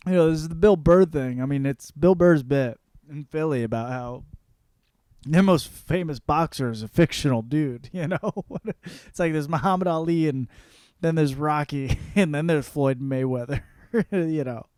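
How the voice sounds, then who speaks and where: A man's voice: fairly high pitch, normal speed, darkish tone, smooth, no room sound, clean studio sound. A man in his thirties hosting a podcast, talking through listener comments in a loose, profane, rambling way and laughing at his own jokes. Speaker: podcast host. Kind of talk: casual comedic monologue.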